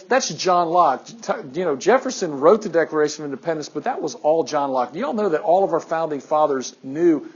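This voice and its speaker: Man teaching a class, lo-fi sound. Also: a little high. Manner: animated, asks the class questions. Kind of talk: classroom lecture.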